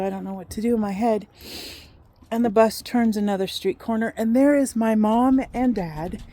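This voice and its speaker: A woman in her fifties casually telling a personal story, animated and acting out what people said. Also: medium pitch, slight background noise. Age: 50s.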